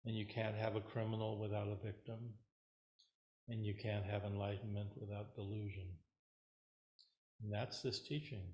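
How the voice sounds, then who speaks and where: A man as Zen teacher giving a dharma talk in a relaxed, rambling, hesitant way, at a meditation center. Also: on the low side, vocal fry. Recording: roomy hall echo.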